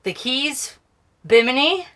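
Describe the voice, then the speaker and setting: A woman hosting a vlog, giving an excited, giggly tour of a small sailboat she is aboard. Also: high voice, takes it slowly. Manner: excited, giggly, with frequent laughs. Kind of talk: casual tour walkthrough.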